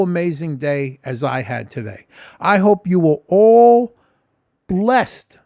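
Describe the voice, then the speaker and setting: A man chats loosely to his camera, rambling and swearing freely. His voice sits high and swings widely in pitch. The sound is dry and close, with no room echo. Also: darkish tone. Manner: rambling, profane, chatty. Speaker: vlogger. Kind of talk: casual vlog talk. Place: home kitchen.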